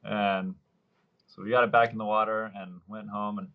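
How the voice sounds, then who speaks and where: A man's voice: fairly low pitch, normal speed, narrow, tinny audio. Man in his thirties telling a fishing story. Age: 30s. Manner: lively storyteller, acts out quoted dialogue. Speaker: surf fishing guide, podcast guest. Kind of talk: casual storytelling interview.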